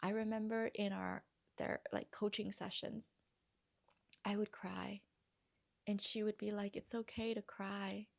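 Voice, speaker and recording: A woman coach speaking earnestly and gently to her viewers, often dropping to a soft near-whisper. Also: medium pitch, little pitch movement, unhurried, gravelly, pauses often. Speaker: vlogger and healing coach. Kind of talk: heartfelt personal talk to camera.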